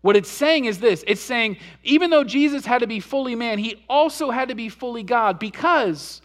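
Male pastor with a high voice, preaching a storytelling sermon that swings between hushed and emphatic. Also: animated, moderate pace, few pauses. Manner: storytelling preacher, swings between soft low passages and louder emphatic peaks.

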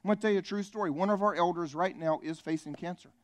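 Lively preacher man. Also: high voice, quick pace. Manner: energetic, joking, calls out to the congregation. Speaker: pastor. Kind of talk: sermon. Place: church in front of a live congregation.

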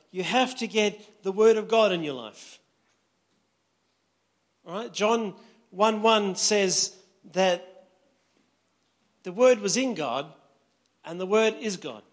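A man preaches to his congregation in an easygoing, conversational sermon, often pausing to check that his listeners follow. His voice sits notably high for a man. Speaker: pastor.

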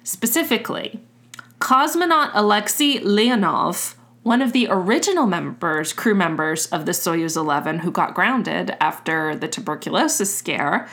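A woman hosting a podcast, recounting a story in a relaxed, chatty way and swearing casually. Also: fairly low pitch, moderate pace. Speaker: podcast host.

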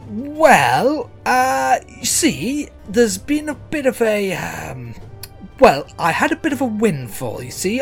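A man voicing a newly rich male dwarf preacher who talks high and hesitantly, full of ums and stammers. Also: creaky, full character voice.

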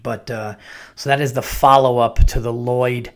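A man's voice: mid-range voice, moderate pace. A man hosting a podcast, telling a long casual story in a rambling way and acting out what his neighbor said. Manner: rambling, animated, acts out quoted neighbors. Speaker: podcast host.

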